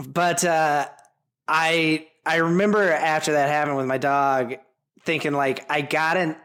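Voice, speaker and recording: A man with a fairly high voice speaks frankly on an unedited podcast. He is blunt and teasing, swears freely, and fills his sentences with "like". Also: flat delivery, a little slow, fairly bright tone, smooth. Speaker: podcast co-host. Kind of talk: casual unedited chat.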